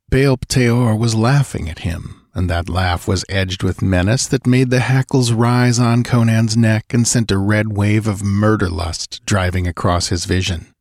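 Male audiobook narrator, low register, dry close sound, measured and dramatic. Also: a little mellow, no room sound. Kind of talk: scripted narration.

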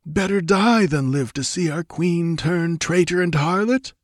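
A wounded young soldier speaks in halting, anguished despair, as a male reader voices him. His voice rises well above the reader's own. He sounds stunned and grieving throughout. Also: high-pitched, mellow, husky, no echo, clean studio sound, voice pushed up, heavily acted.

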